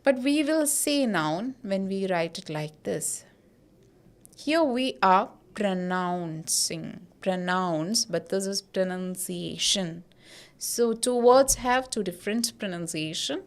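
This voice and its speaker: A teacher takes her time over each word, repeating it and asking "got it?" along the way. She speaks slowly and deliberately, in a mid-range woman's voice. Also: mid-range voice, expressive. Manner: repeats words and checks in with "okay?" and "got it?". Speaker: English pronunciation teacher. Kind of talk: slow, deliberate classroom explanation.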